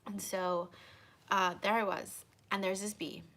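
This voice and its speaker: A woman hosting a tarot channel, telling viewers a personal story in an animated, dramatic way with lots of fillers. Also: medium pitch, a little slow.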